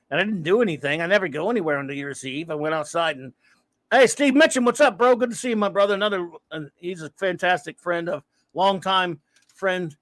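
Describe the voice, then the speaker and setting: During a casual livestream, a man greets viewers by name and reads the chat aloud as he rambles. His voice is high-pitched and a bit bright, and the recording is dry.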